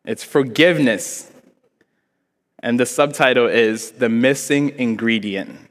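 A young African man preaches slowly to a congregation in a church hall, where his middling-pitched voice rings with long reverb. His sermon is lively and joking, told as a story in which he puts on voices.

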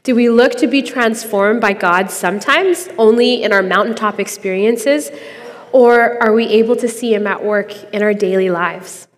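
A woman's voice: medium pitch, normal speed, long reverb tail. A young adult woman hosting a podcast, giving an earnest, conversational devotional reflection and laughing easily.

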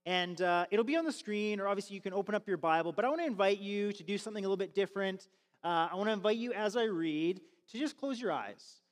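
A man's voice: sits high, fast, big-room sound. A man pastor preaching a sermon to his congregation in a church, talking in a conversational way with fillers and restarts. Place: church sanctuary.

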